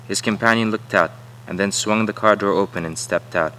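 A man reading a novel passage aloud with animated dialogue. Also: fairly low pitch, brisk, clean tone, rough recording. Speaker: student reader.

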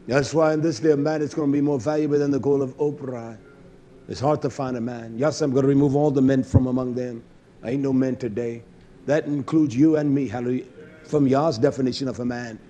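A man preaching a fiery sermon, swinging between low muttering asides and shouted, high-pitched exhortations, cursing bluntly. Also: fairly even intonation, a little fast, muffled recording.

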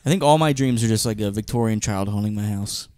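A man's voice: lowish voice, fast, dry recording, clean studio sound. A man co-hosting a podcast, casually telling a story and acting out the quotes. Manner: animated storytelling, acts out quotes. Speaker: podcast co-host. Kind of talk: casual chat.

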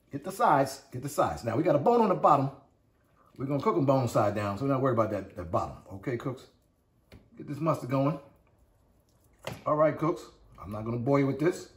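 With a mid-range, sing-song voice, he talks a little fast and pauses often. As the host of a laid-back cooking video, he's hyped and chatty, tossing catchphrases at his viewers as he works his way from a home kitchen to an outdoor backyard grill. The sound is distant and echoey, picked up by the camera.

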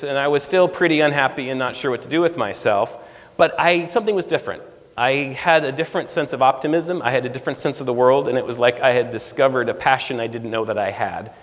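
Lively storyteller man in a reverberant hall. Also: mid-range voice. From United States. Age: 40s. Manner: lively storyteller, acts out quoted dialogue. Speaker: guest speaker. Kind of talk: storytelling talk. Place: lecture room.

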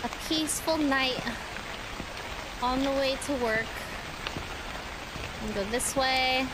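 A woman streaming a horror game in casual chat, jumpy and quick to scream. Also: high-pitched, very noisy. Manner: jumpy, prone to sudden screams.

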